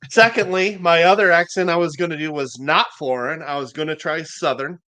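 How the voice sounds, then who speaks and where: A woman co-hosting a casual live show, chatting in a lively, slightly nervous way. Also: low voice, a little fast. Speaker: co-host.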